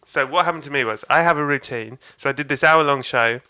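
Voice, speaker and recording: A man's voice: medium pitch, fast, sharp tone, smooth. A man, a comedian, telling a story in casual chat, laughing often and acting out voices. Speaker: stand-up comedian guest.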